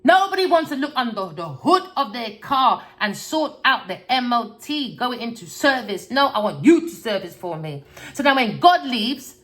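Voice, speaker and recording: A woman's voice: on the high side, big pitch swings, moderate pace, fairly bright tone. A woman gives a collective tarot reading, talking bluntly and preachily, scolding her listeners with repeated words and swearing. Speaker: tarot reader.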